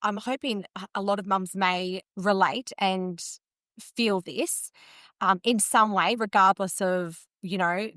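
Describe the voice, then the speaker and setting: A woman's voice: medium pitch, fairly even intonation, slow, a bit bright, dry recording. Australian woman, 30s, podcast guest, candid and earnest, self-correcting, dry close sound. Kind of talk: candid conversational interview.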